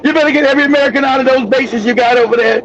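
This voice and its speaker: A man hosting a political commentary show, ranting angrily with profanity and bursts of shouting. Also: very high-pitched, steady tone, racing, slight background noise. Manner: angry, profane, shouting tirades. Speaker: host. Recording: dull lo-fi audio.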